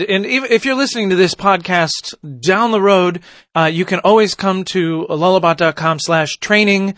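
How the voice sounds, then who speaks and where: A man hosts a casual podcast in a slightly high voice, rambling with many fillers and restarts. He sits close to the mic, and the sound is dry with no room around it. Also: a bit bright, no echo. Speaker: podcast host.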